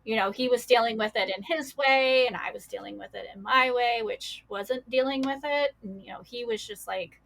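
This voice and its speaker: A young woman speaks as a podcast guest, recounting hard memories with frequent fillers and short acted-out quotes of other people. Her voice is bright and forward, sitting slightly high for a woman. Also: normal speed, vocal fry, few pauses. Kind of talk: emotional personal storytelling.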